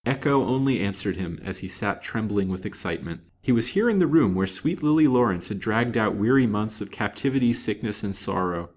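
A man reading a serialized novel aloud in a measured, dramatic way. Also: fairly low pitch. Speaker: storyteller.

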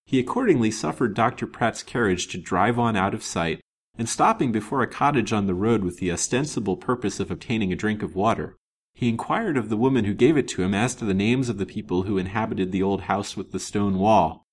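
A man narrating an old serialized novel in an expressive, old-fashioned manner. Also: on the low side, a little fast, husky. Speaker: storyteller. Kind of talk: storybook narration.

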